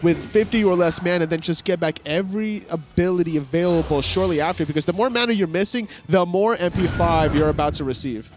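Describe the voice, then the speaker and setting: Higher-pitched male esports play-by-play caster. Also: fast talker, few pauses, background noise. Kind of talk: live esports commentary.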